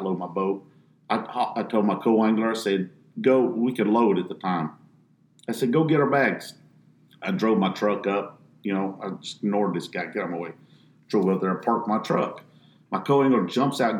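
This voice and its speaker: A professional bass angler telling a story in casual talk, animating it by acting out the others. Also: male voice, normal speed, darkish tone, reverberant, slight background noise.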